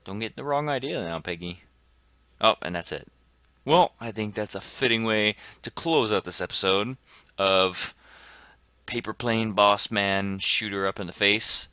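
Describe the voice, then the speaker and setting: A man commenting excitedly on his gameplay as a gaming channel host, dropping to whispers and bursting into shouts. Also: on the low side, unhurried, clean tone, no echo. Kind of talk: let's play commentary.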